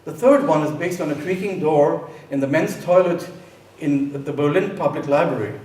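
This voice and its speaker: A man, a composer, explaining his pieces in a relaxed live lecture, pausing often with fillers. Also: on the high side. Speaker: composer presenting his works. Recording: echoey room, voice from a distance, faint noise.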